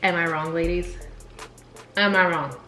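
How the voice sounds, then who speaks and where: A woman in her thirties co-hosting a casual chat at home while eating, teasing her partner with quick comebacks. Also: lowish voice, steady tone, sharp tone. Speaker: co-host. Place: living room at home. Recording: echoey room, faint music.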